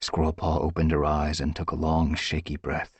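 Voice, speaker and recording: A man with a husky voice reading an audiobook with dramatic, tense storytelling. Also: rumbling low, monotone, normal speed, dry recording. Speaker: audiobook narrator. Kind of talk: dramatic scripted narration.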